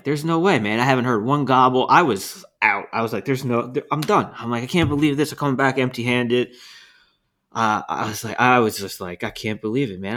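A man co-hosting a podcast, telling a story in a casual, animated way with laughs and swearing. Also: medium pitch. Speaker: podcast co-host.

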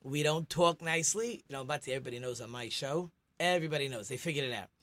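A man's voice: on the high side, fast, a bit bright. A middle-aged man, a rabbi hosting a radio talk show, chatty and teacherly, telling jokes.

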